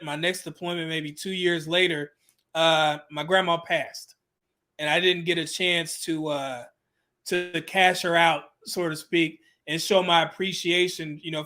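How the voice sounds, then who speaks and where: A man's voice: high voice, pushed and bright. A man telling a candid personal story in an interview, casual and loose, with many fillers and some swearing. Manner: casual, with frequent "you know" fillers and swearing.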